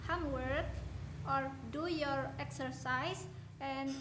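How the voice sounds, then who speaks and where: Indonesian woman teacher, high voice, slow careful drills, says each word over and over, faint room hum. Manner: mixes Indonesian and English, repeats words for students to echo. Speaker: English teacher. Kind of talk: classroom video lesson, pronunciation drill.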